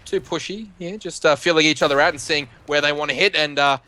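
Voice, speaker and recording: A man with an Australian accent calling live esports play-by-play, excitable and climbing on the big plays. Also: on the high side, quick pace. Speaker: esports commentator. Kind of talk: play-by-play commentary.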